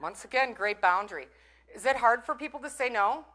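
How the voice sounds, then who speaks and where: A woman's voice: on the high side, expressive, fairly quick, bright, forceful tone. A middle-aged woman from Minnesota, giving a chatty, playful motivational talk and teasing the audience. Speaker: conference breakout speaker.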